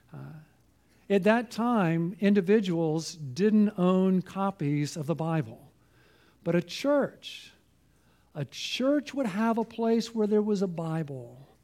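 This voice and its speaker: A man's voice: high-pitched, animated, a little slow, dark tone. A man preaching a sermon as pastor, earnest and persuasive, asking his listeners pointed questions.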